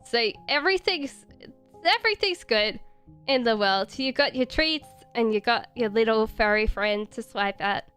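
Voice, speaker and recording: A woman's voice: on the high side, expressive, normal speed, a bit bright, smooth, soft background music. A woman with an Australian accent blended with British, chatting casually on a live stream as a tarot reader, rambling and giggling with lots of fillers. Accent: Australian mixed with British.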